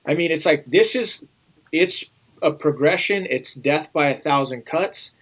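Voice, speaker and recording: A man's voice: a little high, a little slow, a bit bright, low-quality recording. A man speaking as an interview guest in an urgent, emphatic way, often repeating phrases. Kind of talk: earnest interview conversation.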